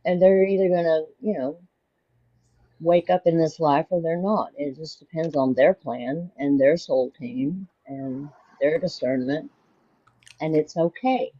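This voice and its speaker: A middle-aged woman talking in an unhurried, reflective way in a spiritual chat. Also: low voice, no room sound, highs cut off.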